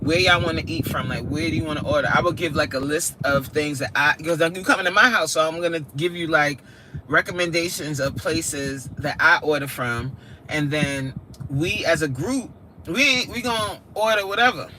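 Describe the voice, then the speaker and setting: A woman from New York, speaking in a low voice at a moderate pace, hosts a casual live stream while driving in snowy weather. Her chat is slangy and full of laughter, and loud engine and road noise come through the recording.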